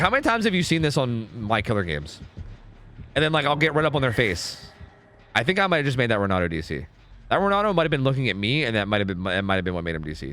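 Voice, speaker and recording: A young man streaming a game, talking casually and swearing as he thinks out loud. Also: medium pitch. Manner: animated, profane, thinks out loud. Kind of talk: casual live-stream gameplay commentary.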